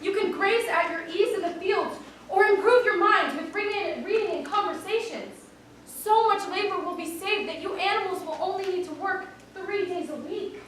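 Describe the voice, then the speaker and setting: Teen girl doing a high earnest pig giving speeches, school play, echoey hall from far off. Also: normal speed, fairly bright tone, slight background noise. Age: teens. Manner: eager, persuasive speechmaking. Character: idealistic young pig leader Snowball, earnest visionary.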